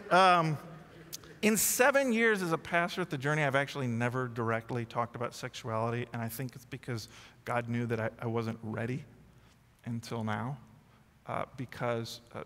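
A man's voice: mid-range voice, bright, forceful tone, long reverb tail. A male lead pastor preaching a sermon, mixing self-deprecating humor with earnest confession.

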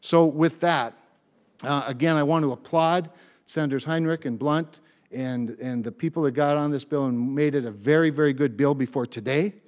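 A man's voice: fairly high pitch, moderate pace, darkish tone. A man speaking as a senator at a committee hearing, stressing and repeating key words, often restarting his phrases. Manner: frequent restarts and word repeats. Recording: long reverb in a hearing room.

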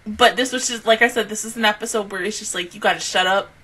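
A woman hosting an anime reaction and review, swearing, laughing and crying out, then talking it through more quietly. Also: mid-range voice, fast, slightly rough. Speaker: anime reaction channel host.

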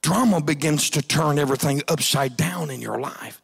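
Male pastor, gravelly husky voice, fiery revival preaching, casting for a church pulpit. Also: normal speed. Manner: shouting preacher, rising to high-pitched cries. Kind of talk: revival sermon. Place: church sanctuary.

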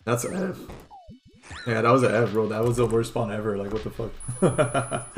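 A young man streaming a game live, excitable and swearing, swinging from loud cheers to annoyed muttering. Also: medium pitch, normal speed, faint music behind. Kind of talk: live gameplay commentary.

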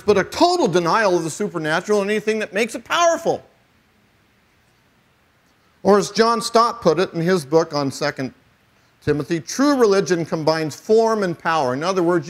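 A middle-aged man preaching a sermon as pastor, emphatic, with wry asides. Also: high-pitched.

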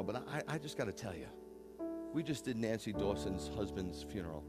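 A man's voice: fairly low pitch, normal speed, long pauses, loud music behind the voice. A man in his fifties, a rabbi, preaching a conversational sermon in an earnest way, often repeating and restarting phrases. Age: 50s.

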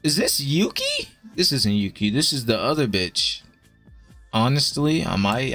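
A young man streaming and chatting with his viewers in a blunt, profane way, giving quick verdicts with plenty of casual swearing. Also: medium pitch, huge pitch swings, fairly bright tone, soft background music. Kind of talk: casual live-stream commentary.

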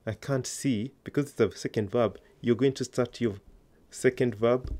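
A man's voice: mid-range voice, normal speed, dark tone. A man teaching an online language lesson, patiently coaxing learners to answer aloud.

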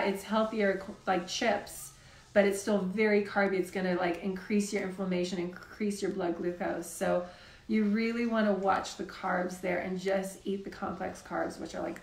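A woman's voice: mid-range voice, steady tone, moderate pace, gravelly, echoey room. A woman hosting a live health Q&A, talking in a casual, chatty way with lots of "like". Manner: chatty, says "like" often. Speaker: health show host.

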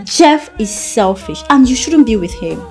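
A woman's voice: on the high side, animated, measured pace, a little mellow, faint music behind. An actress with a Nigerian accent playing an indignant, protective female friend who scorns the boyfriend. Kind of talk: film drama acting.

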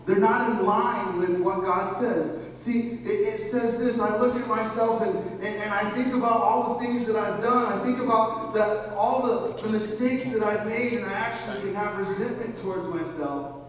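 A man's voice: high voice, fairly even intonation, normal speed. A man preaching a sermon as pastor, earnest, asking the congregation questions and often restarting his words. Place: church hall. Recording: echoey hall, voice from far off, faint noise.

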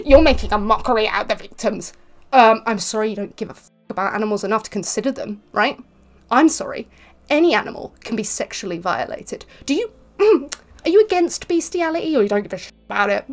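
A woman's voice: a little high, animated, brisk. Sarcastic woman ranting at a clip. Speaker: vegan video creator reacting to clips. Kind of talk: reaction video commentary.

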